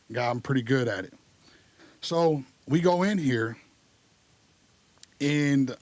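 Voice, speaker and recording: A man's voice: medium pitch, dry recording. A man telling his recovery story on a podcast in a candid, casual way. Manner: candid, lively retelling with acted dialogue.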